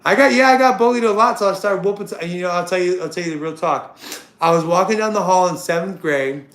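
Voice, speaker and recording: A man in his thirties hosting a livestream, ranting crudely and confrontationally at a chatter, loud and excitable and repeating himself. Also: sits high, fast talker. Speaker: livestream host. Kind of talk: unscripted livestream rant. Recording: roomy echo.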